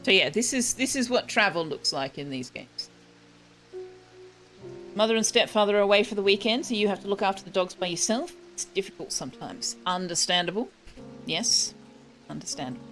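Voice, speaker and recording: Low-voiced woman streaming a game. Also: lively intonation, normal speed, long pauses, a bit bright, soft background music. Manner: chatty, switching between asides and reading. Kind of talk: casual let's-play commentary with read-aloud game text.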